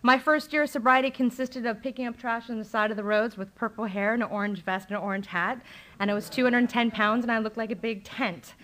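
A woman speaks at a recovery meeting, sharing her past in a candid, conversational way. Her voice sits a little high and she leans on ums and likes as she goes. She sounds middle-aged and speaks plainly and openly. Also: fairly even intonation, fairly quick, bright, forceful tone. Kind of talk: personal recovery story told to a meeting. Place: meeting room, live talk recording.

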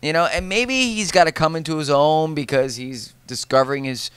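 Smooth-voiced man reviewing a film. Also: fairly high pitch, moderate pace, dry recording. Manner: animated, repeats words when excited. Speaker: podcast co-host. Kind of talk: casual film review chat.

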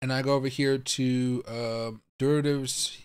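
A man's voice: medium pitch, little pitch movement, normal speed, clean tone. A young man hosting a live stream, thinking aloud in bafflement, swearing and talking straight to his viewers as he clicks around. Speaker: crypto livestream host. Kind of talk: live-streamed casual commentary.

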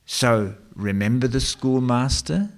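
A man preaching a sermon, asking rhetorical questions and reading scripture in a slow, dramatic way. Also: mid-range voice. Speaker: pastor.

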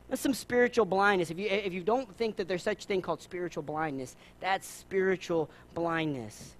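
A man with a Southern US accent preaching a sermon, lively, acting out the people in his stories. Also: high-pitched, moderate pace, hardly any pauses. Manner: animated, acts out voices in his stories. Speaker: pastor.

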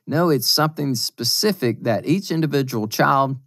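A man's voice: mid-range voice, expressive, moderate pace, fairly bright tone, no room sound, clean studio sound. A man, a pastor, co-hosting a podcast in casual chat, earnest and emotional, laughing easily as he talks. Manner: earnest, emotional, laughs often, reads aloud with feeling.

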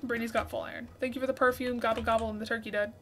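A woman's voice: on the high side, rapid-fire, slight background noise. Young woman streaming a game, chatty. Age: 20s. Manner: reads out viewer messages, thanks gifters excitedly. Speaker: livestream host. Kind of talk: casual livestream gaming chat.

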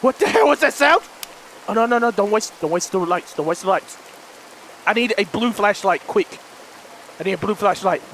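A man hosting a horror let's play, frantic and jumpy, shouting and pleading, then muttering low to himself. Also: lively intonation, moderate pace, pauses often, noisy background. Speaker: gaming channel host.

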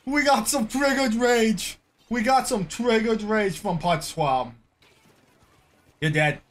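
A man with a high, slow-paced voice who calls out over a game clip in a reaction video. He is loud and exclamatory, and he swears freely as he reacts. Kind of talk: excitable reaction commentary.

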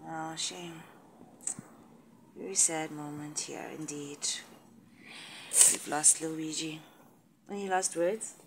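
A woman's voice: sits low, steady tone, takes it slowly, pauses often, noisy background. A woman talking casually to her viewers in her home kitchen, chatty and playfully mock-solemn as she speaks to her family. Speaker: vlogger, mother. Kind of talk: casual family vlog chat.

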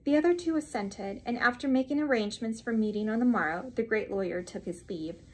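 A woman reading a classic novel aloud in a steady, expressive manner. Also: fairly high pitch, a little fast. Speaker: reader. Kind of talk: audiobook narration.

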